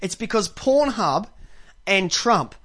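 High, lively Australian man. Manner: joking, quick to laugh. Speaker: podcast co-host. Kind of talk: crude casual banter.

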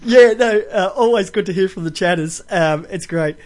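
A man's voice: sits high, moderate pace, a little mellow. A man hosting an online radio show in casual on-air banter, swearing, teasing and laughing often.

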